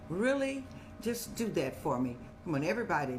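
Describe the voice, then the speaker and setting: A woman's voice: fairly low pitch, big pitch swings, a little fast, over music. Older lady hosting an advice stream, motherly and preachy, calls folks child. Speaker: advice show host. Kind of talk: live-streamed advice talk.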